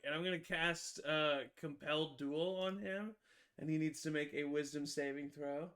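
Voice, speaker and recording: A man with a bright, forward voice pitched a little high, talking through his turn at a tabletop game. He rambles animatedly, with plenty of fillers and quick laughs. His delivery is casual and eager. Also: fairly even intonation. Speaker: player.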